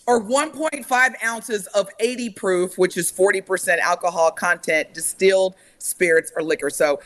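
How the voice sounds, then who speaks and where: A woman's voice: medium pitch, normal speed. A woman from Indiana co-hosting a radio talk show, chatting casually and reading a list aloud with lots of laughter. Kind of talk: casual chat.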